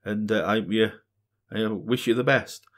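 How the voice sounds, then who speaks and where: In an unhurried, fairly low and slightly bright voice, the host of a music reaction channel, a middle-aged man, talks earnestly through a casual solo Q&A, repeating phrases for emphasis.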